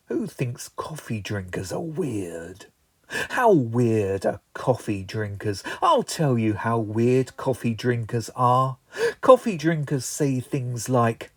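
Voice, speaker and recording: A man's voice: medium pitch, very animated, takes it slowly, no room sound. A man, hosting a comic poetry show with a wry, rhythmic delivery and playful asides. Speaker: comedy poet and host.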